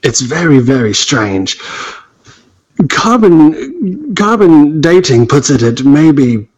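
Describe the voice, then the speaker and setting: A man's voice: fairly high pitch, sing-song, takes it slowly, breathy edge, lo-fi sound, full character voice. An American man voicing a flustered, apologetic museum ticket man in a put-on British accent that slips. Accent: put-on British, slipping. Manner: flustered, over-polite, rambling.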